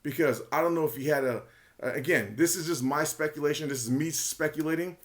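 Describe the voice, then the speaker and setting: A man's voice: fairly high pitch, a little fast. A man talking casually and emphatically in a monologue, sharing his opinions as a retail investor commentator, often repeating himself and speculating.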